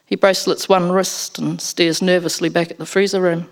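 A woman with a fairly low-pitched voice narrates a first-person story for an audiobook. She reads expressively, in a storytelling manner, at a normal speed.

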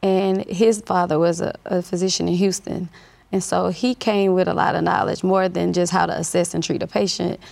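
A woman with a gravelly, somewhat low voice speaks as a guest on an interview show. She tells her story fluently and in an easy flow. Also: fairly even intonation, normal speed, darkish tone. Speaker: guest, nurse practitioner and clinic owner. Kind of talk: interview answers.

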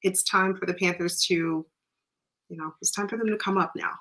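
A woman joining a casual sports talk show, speaking in a measured, conversational way. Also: lowish voice, fairly even intonation, fairly bright tone.

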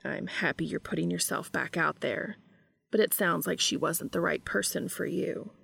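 Woman voicing a reserved, formal man, hushed. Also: fairly low pitch, normal speed, creaky, husky, full character voice. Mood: earnest. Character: reserved, formal adult man, quietly protective.

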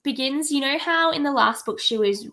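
A young woman in casual book chat, enthusiastic and quick to agree, filling with "um" and "like". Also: high-pitched, a bit bright. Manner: enthusiastic, agreeing often, fillers like "um" and "like". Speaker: book discussion co-host.

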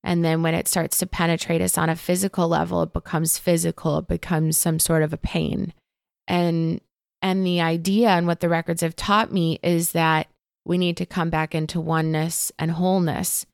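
Guest spiritual teacher, woman, low gravelly voice, close and dry, gentle and open. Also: level tone, normal speed, dry recording. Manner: gentle, open, storytelling with many fillers. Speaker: Akashic Records teacher, guest. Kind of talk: casual spiritual chat.

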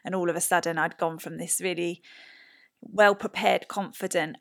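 A woman in her thirties tells her story as a guest on a podcast. She speaks in a fairly low voice and acts out everyone she quotes. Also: steady tone, moderate pace, creaky. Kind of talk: casual storytelling chat.

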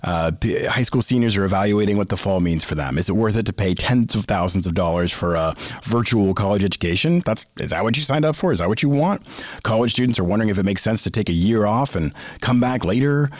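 A man's voice: fairly low pitch, animated, fast, no room sound. A middle-aged man from the Boston area hosting a casual solo podcast, chatty and prone to self-aware tangents. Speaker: podcast host.

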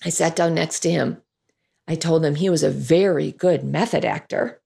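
Her voice sits low and is gravelly with a breathy edge, and she talks at a normal speed. A children's Bible class teacher, she tells listeners a story about the class, animatedly voicing lines and sound effects.

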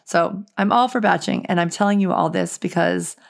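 A woman with a raspy, hoarse voice, hosting her podcast in a chatty, reflective monologue. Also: on the low side, moderate pace. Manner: chatty and reflective, with frequent "like" fillers. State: hoarse, voice going. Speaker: podcast host.

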